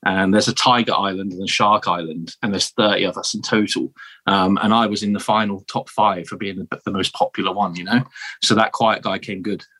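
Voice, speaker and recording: A British man with a fairly low voice talks as a podcast guest. His storytelling is easygoing and chatty, with frequent "man" and "um" along the way. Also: fairly even intonation, brisk, pushed and bright. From United Kingdom. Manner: laid-back, chatty, often says "man" and "um". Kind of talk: casual interview storytelling.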